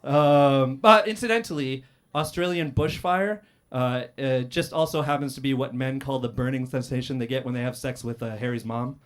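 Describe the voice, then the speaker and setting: A man performing a stand-up roast set on a comedy club stage, dry and deadpan, with many "uh" pauses and sudden loud outbursts. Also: medium pitch, a little hiss or hum.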